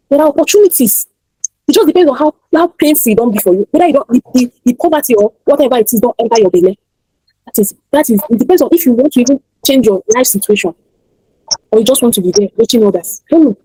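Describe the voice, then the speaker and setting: A woman's voice: fairly high pitch, warm tone, breathy edge, dry recording, poor audio. A Nigerian woman teaching an online class, emphatic and motivational, often repeating her key points.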